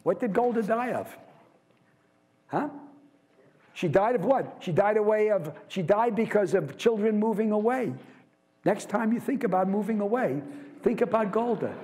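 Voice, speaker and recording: A man with a high voice teaches a university literature class. He speaks in a lively way and keeps putting rhetorical questions to his students. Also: moderate pace, pauses often, slightly rough. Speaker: literature lecturer. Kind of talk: university lecture.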